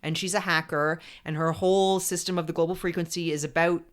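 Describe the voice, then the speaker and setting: A woman's voice: lowish voice, fairly even intonation, fairly quick. A woman on a podcast, chatting casually and thinking aloud about a TV episode. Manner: thinks aloud, building on points. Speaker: podcast co-host.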